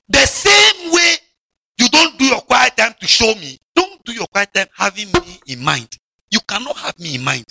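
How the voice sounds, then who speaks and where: A man preaching a lively, mocking sermon to children, shouting and drawling words for emphasis. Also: high-pitched, gravelly, slightly rough, no room sound.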